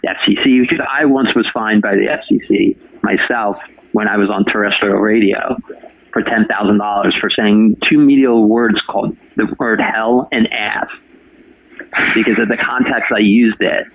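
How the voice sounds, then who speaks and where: Chatty radio host guy from jersey, lowish voice, tinny dry phone sound. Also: fairly even intonation, normal speed, creaky, no echo. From New Jersey. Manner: chatty storyteller, talks to anybody. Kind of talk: casual interview.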